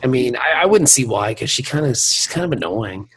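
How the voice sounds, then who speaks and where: A man's voice: mid-range voice, lively intonation, brisk, fairly bright tone, breathy edge. A man co-hosting a podcast, chatting casually and crudely about a TV episode, laughing often. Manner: laughing, joking, crude humor. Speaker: podcast co-host.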